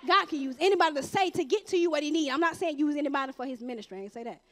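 A woman preaches a testimony in a church sanctuary. Her voice sits very high, and she talks to the congregation in a lively, conversational way, slipping into acted-out dialogue. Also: racing. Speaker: church member giving testimony. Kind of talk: testimony sermon from the pulpit.

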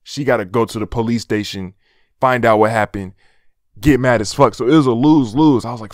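A man's voice: mid-range voice, a little fast, darkish tone, dry recording, studio quality. A young man telling a personal story in a loose, slangy, cursing storytime vlog, laughing at himself now and then. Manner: casual, slangy, swears often; laughs at his own story. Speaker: vlogger.

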